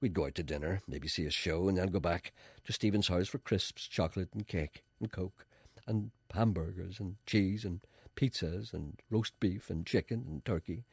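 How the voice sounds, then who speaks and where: A man's voice: deep voice, normal speed, creaky, darkish tone, breathy edge, no echo, full character voice. A man doing a fretful chatty cat. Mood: confiding. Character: fretful gossipy male pet cat.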